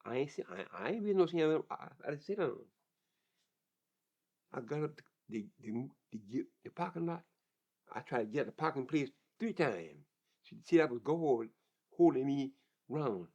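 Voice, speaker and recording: A man's voice: mid-range voice, sing-song, normal speed, pauses often, darkish tone. An older man telling his life story in an interview, plain-spoken and vivid, often repeating words as he goes. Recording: dull lo-fi recording.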